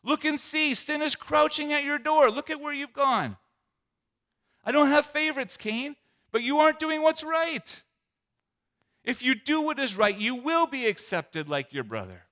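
A man voicing God as a stern, insistent male figure, speaking high and loud with raised emphasis. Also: expressive, a little slow, exaggerated voice. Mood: stern, urging.

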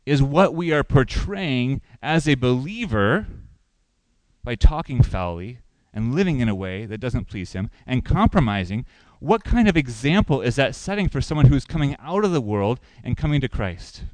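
A man's voice: mid-range voice, sing-song, normal speed, a little mellow, dry recording, low-quality recording. Male pastor, sermon delivery, questioning and emphatic, dry close recording. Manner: asks the congregation questions, rising for emphasis.

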